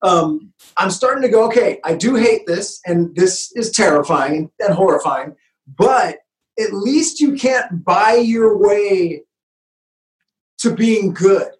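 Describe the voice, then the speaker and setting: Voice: medium pitch, expressive, slow pace. A parent talks casually in a mid-range voice, using many filler words and laughing along with the others. The recording picks up a roomy echo. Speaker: podcast co-host. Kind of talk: casual chat.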